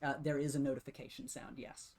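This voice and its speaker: A man's voice: medium pitch, little pitch movement, fast talker, creaky, a little mellow. Man, game master, loose conversational narration, light music bed under the voice. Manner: loose, filler-heavy narration with frequent restarts.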